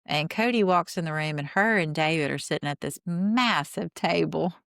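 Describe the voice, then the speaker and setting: An opinionated woman with a low voice and smooth, clear tone talks through a reality show recap. She retells scenes line by line and adds blunt, sarcastic asides. The sound is dry and close, with no room around it. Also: normal speed, fairly bright tone, no room sound. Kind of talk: casual recap commentary.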